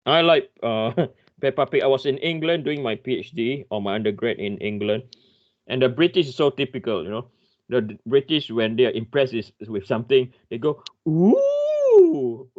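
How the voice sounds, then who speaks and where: A man's voice: mid-range voice, fairly quick, highs cut off. A man lecturing an engineering class online. He thinks aloud, apologizes often and restarts his sentences.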